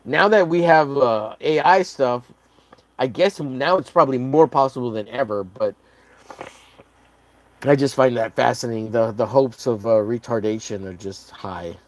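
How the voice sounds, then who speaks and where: A man's voice: medium pitch, normal speed. Foul-mouthed rambling male streamer. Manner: profane, rambling, joking. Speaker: artist streaming a drawing session. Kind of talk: casual livestream chat.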